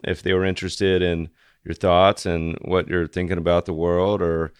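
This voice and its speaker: A male podcast host reacting with relaxed enthusiasm and closing the show. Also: low-pitched, moderate pace, clean tone, no echo, studio quality. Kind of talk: casual interview.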